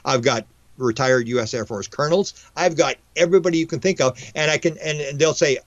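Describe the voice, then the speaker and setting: A man, a UFO researcher and guest, telling stories in a rapid, animated way, often restarting and acting out dialogue. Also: fairly high pitch, no echo. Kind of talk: animated storytelling. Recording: dull lo-fi, dry sound.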